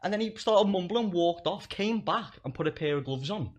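A man's voice: high-pitched, lively intonation, moderate pace. Swearing young man. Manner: swears a lot, laughs through his stories. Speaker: guest comedian. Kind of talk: casual storytelling chat.

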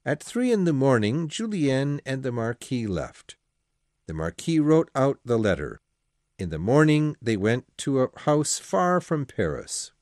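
A man's voice: medium pitch, wildly swooping pitch, unhurried, darkish tone, dry recording, studio quality. A man reading a classic novel aloud as an audiobook narrator, telling the story expressively.

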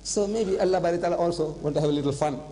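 An older man giving an animated religious lecture, telling stories and slipping in phrases. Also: fairly high pitch, very fast, noisy background. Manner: animated storytelling, switching into Hindi-Urdu phrases. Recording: long hall reverb.

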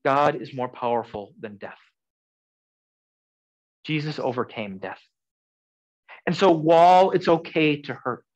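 A man preaching a sermon in an earnest, conversational way, swinging from loud emphasis to soft, quiet lines. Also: a little high, muffled recording. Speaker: pastor.

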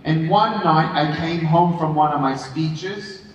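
A high-voiced man delivers a motivational keynote in a huge convention hall, telling his story with playful energy and quick acted-out exchanges. His voice rings with long reverb, picked up from a distance across the room. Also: muffled recording, slight background noise. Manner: animated, playful, acts out dialogue. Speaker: motivational speaker. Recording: echoey hall recorded from far off.

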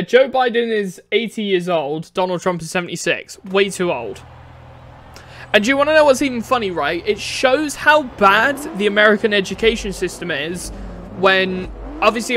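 A man's voice: sits high, fairly bright tone, a little hiss or hum. A British man streaming a racing game, ranting bluntly and opinionated, swearing now and then. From United Kingdom. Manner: opinionated, blunt, swears, laughs at own jokes. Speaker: gaming streamer. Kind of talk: casual rant while playing.

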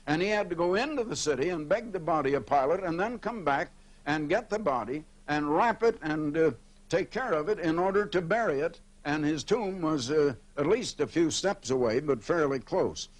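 Older male TV preacher, fairly high voice, steady explanatory delivery, slows down to read scripture aloud. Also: low-quality recording. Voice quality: pauses and fillers as he speaks freely. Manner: explanatory preaching, reads scripture aloud slowly and comments between verses. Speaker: evangelist broadcaster. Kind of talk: televised sermon.

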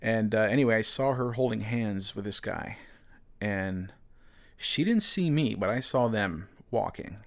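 Rambling storytelling man, lowish voice. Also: expressive, measured pace. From United States. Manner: rambling, heavy use of "you know" and "man". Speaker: podcast host. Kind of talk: casual storytelling.

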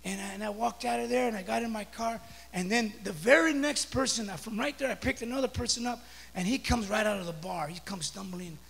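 A pastor preaching a sermon, telling a story with stammering restarts and building up to shouts. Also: male voice, high voice, fairly quick, creaky, breathy edge. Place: church sanctuary. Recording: echoey church hall.

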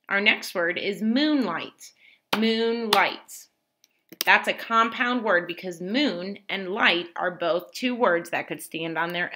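A woman teaches young children in a slow, carefully enunciated way, leaving room for them to answer. Her voice is bright and a little pressed, and she offers plenty of praise as she goes. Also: mid-range voice.

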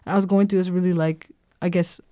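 A woman's voice: on the low side, steady tone, a little fast, mellow, dry recording, clean studio sound. A young woman hosting a podcast, telling a personal story in a casual, reflective way, full of "you know" and "like". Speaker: podcast host.

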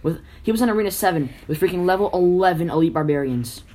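A man's voice: sits high, quick pace, a little mellow. A teenage boy chatting casually while playing a mobile game, rambling and telling stories with animation. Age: teens. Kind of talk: casual gaming chat.

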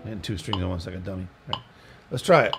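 A man's voice: low-pitched, fast talker, creaky. A man, teaching guitar in a casual, rambling way, with joking asides and counted beats. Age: 60s. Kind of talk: casual spoken lesson. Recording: audible background noise.

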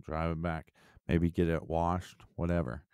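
A man's voice: low voice, little pitch movement, measured pace, clean tone, no room sound, studio quality. A man co-hosting a podcast in casual, crude, joking chat. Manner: crude, joking, bursts into mock yelling. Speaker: podcast co-host.

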